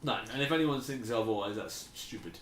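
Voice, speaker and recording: A man's voice: mid-range voice, a little fast. A man, joking and swearing casually as a podcast co-host. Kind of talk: casual chat. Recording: roomy, distant mic with faint noise.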